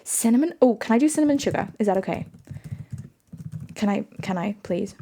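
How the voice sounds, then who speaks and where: A woman's voice: medium pitch, expressive, a little fast, creaky, dark tone. A woman streamer in casual livestream chat, playful, laughing often and answering her viewers.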